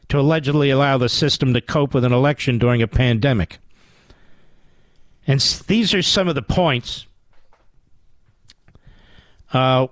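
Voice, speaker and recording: A man's voice: fairly high pitch, no echo. A man with a Philadelphia accent hosting a talk radio show, delivering a sarcastic, combative monologue.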